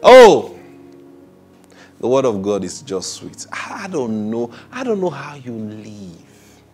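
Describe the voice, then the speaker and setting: A pastor with a Nigerian English accent preaches in a lively, sing-song voice that leaps up into loud exclamations and drops down to quiet asides. He laughs often as he talks. Soft instrumental music plays faintly underneath. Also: mid-range voice, takes it slowly. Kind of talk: sermon.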